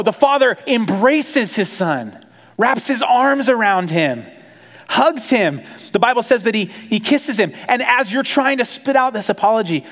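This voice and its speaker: Male pastor, conversational storytelling sermon, higher-pitched, echoing hall. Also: normal speed. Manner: conversational, animated storytelling with acted quotes.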